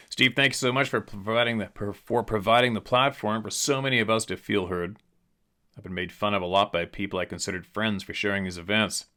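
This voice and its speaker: Blunt man with a forceful voice. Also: lowish voice. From British Columbia, Canada. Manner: blunt, opinionated, rambling storyteller. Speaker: host, hunting and fishing guide. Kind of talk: casual monologue, reading a viewer letter.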